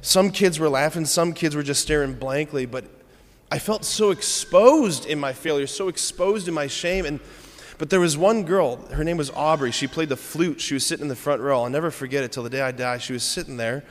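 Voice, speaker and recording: A man's voice: on the high side, brisk. Man preaching in a reverberant hall. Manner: candid, self-deprecating storytelling with frequent "right?" asides. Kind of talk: conversational sermon with a personal story. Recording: long reverb of a large hall.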